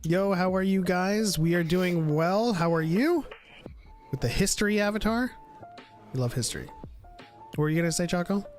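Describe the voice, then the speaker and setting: A man's voice: high voice, animated, moderate pace, long pauses, faint music behind. An American man hosting a casual livestream podcast, chatting loosely and greeting viewers. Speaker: podcast host.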